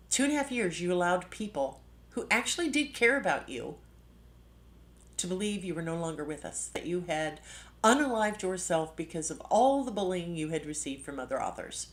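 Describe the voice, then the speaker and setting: A woman's voice: fairly low pitch, lively intonation, normal speed. A middle-aged woman hosting a live stream, speaking with passionate, indignant emphasis and sudden jumps in her voice. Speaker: livestream host. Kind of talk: emotional live-stream commentary.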